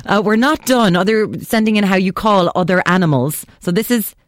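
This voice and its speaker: A woman's voice: medium pitch, fairly quick, a little hiss or hum. An Irish woman hosting a radio show, chatting playfully and laughing easily. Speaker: radio host. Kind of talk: casual radio chat.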